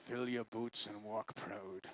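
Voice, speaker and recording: A man quoting a gruff, kindly old fisherman who hands out blunt advice. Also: lowish voice, steady tone, slow, voice pushed down, poor audio.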